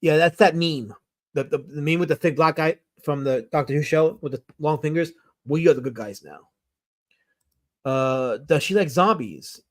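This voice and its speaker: A man's voice: on the high side, normal speed. A man hosting a casual live stream, reading viewer comments and rambling enthusiastically with fillers and self-corrections. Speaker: streamer host.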